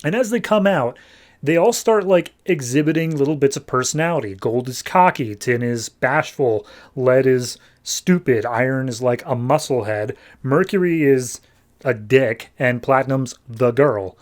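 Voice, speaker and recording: A man's voice: mid-range voice, unhurried. A man hosting a podcast, casually recapping a comic with jokes and acted-out voices. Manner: chatty, jokey, acts out the characters. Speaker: podcast host.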